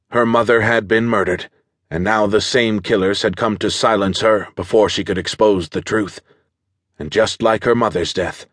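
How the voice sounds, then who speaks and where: Male audiobook narrator, steady and measured, lowish voice, dead-dry booth sound. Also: dry recording. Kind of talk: scripted thriller narration.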